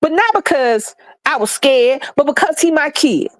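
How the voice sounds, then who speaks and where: A woman's voice: sits high, lively intonation, normal speed, no room sound. A middle-aged woman, ranting bluntly and heatedly with lots of profanity and repetition for emphasis. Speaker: streamer sharing opinions. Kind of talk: passionate ranting monologue.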